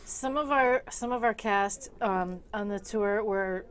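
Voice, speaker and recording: A woman's voice: mid-range voice, unhurried. A woman co-hosting a casual chat, teasing her guest and laughing along. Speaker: co-host.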